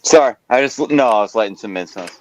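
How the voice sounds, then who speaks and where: A man's voice: fairly low pitch, fast talker, highs cut off. Blunt, foul-mouthed man on a stream. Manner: blunt, swears constantly. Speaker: stream host. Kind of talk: casual profane group chat.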